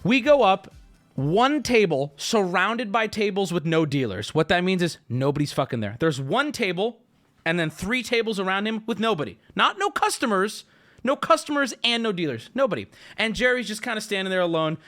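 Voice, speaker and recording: Streamer guy in his 30s rambling thru a story, high voice jumping all over, some music quiet behind. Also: normal speed. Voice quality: animated, swearing, jokey. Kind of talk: casual storytelling to a live chat.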